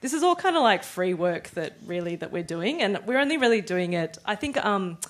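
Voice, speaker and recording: A woman's voice: mid-range voice, sing-song, a little fast. A woman cartoonist on a discussion panel, talking casually and reflectively with many fillers.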